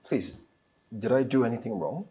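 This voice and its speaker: An actor playing a calm, respectful doctor who serves as a household caregiver. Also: male voice, mid-range voice, normal speed, close to an everyday voice.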